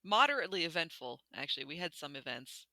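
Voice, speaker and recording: A woman co-hosting a podcast in casual chat, giggly and quick to burst into high laughter. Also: very animated, pushed and bright, no echo. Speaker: podcast co-host.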